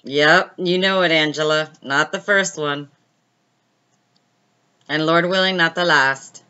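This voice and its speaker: Woman host, bright forward voice, lo-fi stream audio, relaxed story-time chat with viewers. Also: sits low, slow, clean tone. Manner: chatty, answers viewer comments mid-story.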